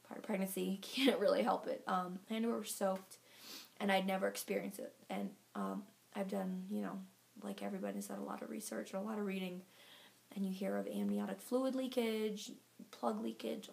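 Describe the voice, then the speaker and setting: A woman chatting to her viewers in a casual vlog, her voice gravelly with vocal fry. She talks a little out of breath, rambling through her update with plenty of fillers. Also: mid-range voice. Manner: chatty, filler-heavy storytelling. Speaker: vlogger giving a pregnancy update. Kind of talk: casual chat to camera.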